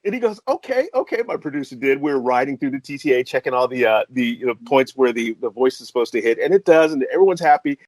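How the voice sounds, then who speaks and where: Brief: middle-aged Midwestern-raised man, eager storyteller, lively swooping pitch, dry studio sound. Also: fast talker, hardly any pauses, no echo. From American Midwest. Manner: excitable, laughs often, jumps to high pitch when excited. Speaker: interview guest, composer and voice artist. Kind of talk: animated storytelling in conversation.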